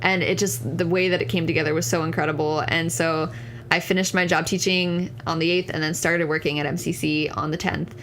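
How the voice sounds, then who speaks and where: A young woman in her twenties speaks as a podcast guest, telling her own story in an earnest, candid way. Her voice sits on the lower side and she fills her sentences with casual "like"s. A faint hiss runs under the recording. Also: steady tone, a little fast, a bit bright. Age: 20s. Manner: earnest, candid, frequent "like" fillers. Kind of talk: conversational personal story.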